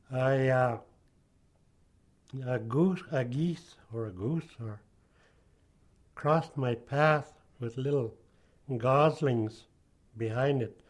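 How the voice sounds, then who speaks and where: An older man giving personal testimony in an interview, speaking haltingly with many pauses and fillers. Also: medium pitch.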